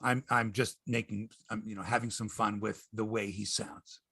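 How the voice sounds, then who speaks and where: Husky, ranting male sports host. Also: fairly low pitch, flat delivery, moderate pace, bright, forceful tone, no room sound, studio quality. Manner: profane, ranting, repeats himself. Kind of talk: casual sports chat.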